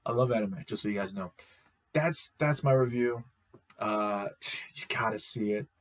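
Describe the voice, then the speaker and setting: A young man hosting a casual video review. He talks excitably, repeats himself and uses slang. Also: lowish voice, moderate pace, low-quality recording. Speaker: host, reviewer. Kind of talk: casual enthusiastic show review.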